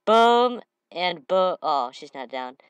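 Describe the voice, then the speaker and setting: A slightly sniffly woman giving excitable gameplay commentary, breaking into shouted trash talk. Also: on the low side, moderate pace, clean tone, no echo, muffled recording. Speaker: gamer.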